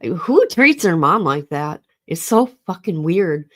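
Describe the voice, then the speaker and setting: A woman's voice: fairly low pitch, sing-song, measured pace, fairly bright tone. Grieving middle-aged woman livestreaming. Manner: emotional, rambling, swears. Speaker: livestream host. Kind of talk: casual livestream talk to chat.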